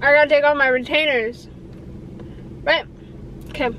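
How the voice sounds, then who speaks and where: Chatty young woman with a high voice. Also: fairly even intonation, moderate pace, lo-fi sound, a little hiss or hum. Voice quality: slight lisp from retainers. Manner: chatty, giggly, nervous. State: pregnant. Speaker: vlogger. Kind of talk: casual vlog chat.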